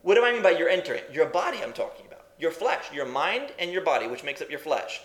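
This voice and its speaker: A man's voice: fairly high pitch, expressive, fast, fairly bright tone, echoey room. A male preacher teaching a sermon in an emphatic way, asking questions and repeating phrases.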